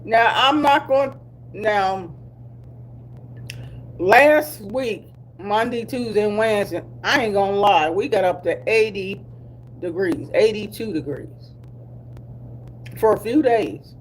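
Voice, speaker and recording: A woman's voice: medium pitch, slight background noise. A middle-aged woman from Delaware chatting casually with her viewers in a drawling, easygoing way. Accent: Black American English. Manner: chatty, slow and drawling, with laughs and asides. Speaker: vlogger. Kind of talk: casual live chat with viewers.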